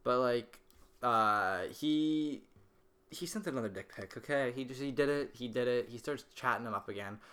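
A young man co-hosting a podcast, telling a story in an animated way, swearing freely and laughing as he talks. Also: medium pitch, normal speed. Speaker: podcast co-host.

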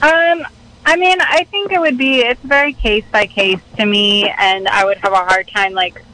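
Woman, podcast guest, bright voice, hesitant, searching for words. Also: fairly high pitch, fairly even intonation, moderate pace, poor audio. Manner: hesitant, many "like" fillers. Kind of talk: reflective conversation.

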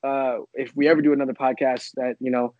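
A man's voice: mid-range voice, flat delivery, no echo. A male actor talks about his film with humble gratitude. He stops and restarts often and leans on fillers. His audio sounds muffled and dry, as if sent over a remote link. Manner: humble, grateful, halting with many fillers. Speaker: actor guest. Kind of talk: casual interview.

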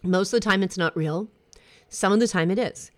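A woman's voice: mid-range voice, normal speed. A middle-aged woman hosting a podcast, speaking frankly and reflectively in a conversational way. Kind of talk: candid personal talk.

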